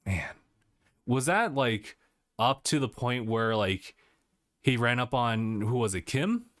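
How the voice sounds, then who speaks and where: A man's voice: medium pitch, expressive, slow, a bit bright, no echo, studio quality. A man co-hosting a podcast, chatting casually about video games, laid-back and laughing often, trailing off mid-sentence. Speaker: podcast co-host.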